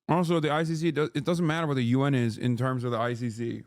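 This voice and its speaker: A man's voice: medium pitch, flat delivery, fast, few pauses. A man in his thirties giving casual reaction commentary on a stream, heated and sarcastic, swearing and laughing often.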